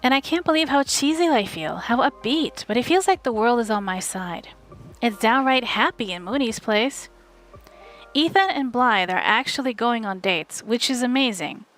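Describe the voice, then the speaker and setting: A woman streamer reading a novel aloud live from home, in steady, wry first-person narration. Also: a little high, moderate pace, faint music behind.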